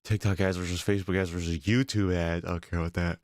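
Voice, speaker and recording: A man with a very low voice riffs sarcastically while watching videos on stream, swearing freely and mocking what he sees. The sound is dry and close, with almost no room in it. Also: steady tone, fast, dry recording. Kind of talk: casual profane reaction commentary.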